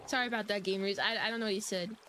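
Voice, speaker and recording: A woman's voice: mid-range voice, fairly even intonation, racing, sharp tone, slight background noise. A young woman casually streaming a horror game, giggling and reading the game's text aloud. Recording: game music behind.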